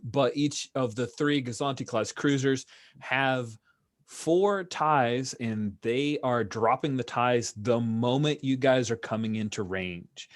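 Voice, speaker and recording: A man running a tabletop role-playing game as game master, in a relaxed, chatty way with pauses. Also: mid-range voice, dry recording, clean studio sound.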